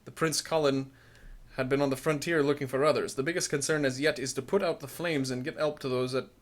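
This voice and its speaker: A man voicing a gruff old villager in a wobbly, made-up accent, reading game dialogue aloud. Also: mid-range voice, steady tone, fairly quick, natural voice. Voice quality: loud, mangled mock accent.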